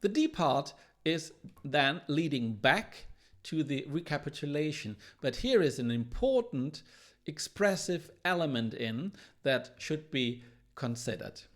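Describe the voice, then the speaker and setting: A man teaching classical guitar, analysing a piece in a thoughtful, explanatory way and pausing now and then to search for words. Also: a little high, very animated, a bit bright. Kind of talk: music analysis lesson. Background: guitar playing.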